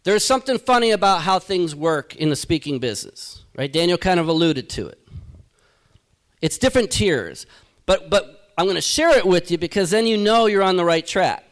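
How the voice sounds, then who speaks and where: A man giving a live keynote to an audience as a motivational speaker, energetic and rhetorical, tagging his points with "right?". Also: high voice, moderate pace. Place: event hall.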